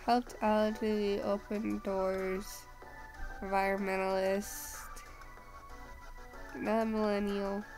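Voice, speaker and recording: A woman's voice: mid-range voice, level tone, takes it slowly, long pauses, darkish tone, soft background music. A woman voicing a dismissive gatekeeper who hands out clipped verdicts on who may pass. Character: curt gatekeeper judging who enters the afterlife.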